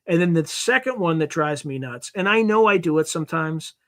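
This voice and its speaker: A man hosting a livestream and reading out viewer comments, talking fast and animated on extra caffeine. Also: fairly high pitch. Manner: wired on caffeine, rapid and animated. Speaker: livestream host.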